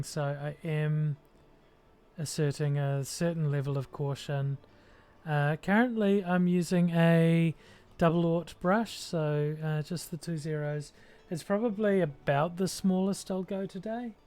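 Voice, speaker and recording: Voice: medium pitch, darkish tone. A streamer with a New Zealand accent, chatting casually and thinking aloud with lots of ums while painting miniatures. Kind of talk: casual livestream chat while working.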